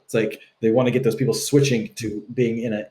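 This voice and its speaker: Young man from Texas, podcast guest; loose, animated delivery with playful acted-out quotes. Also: mid-range voice, brisk. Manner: animated, acts out quoted dialogue, swears casually. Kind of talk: casual conversational interview.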